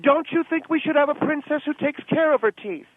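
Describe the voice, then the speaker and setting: Male comic doing a snooty high-voiced society dame, catty and gushing, over a tinny phone line. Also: fairly quick, no room sound. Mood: haughty. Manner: haughty, gushing, calls people darling. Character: pompous gossiping American society lady, middle-aged. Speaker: guest character on radio show.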